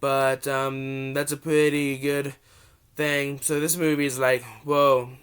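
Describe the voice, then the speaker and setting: A young man with a cold giving a casual, rambling movie review vlog, often restarting his sentences and gushing with excitement. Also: medium pitch, slow, clear, resonant tone. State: has a cold.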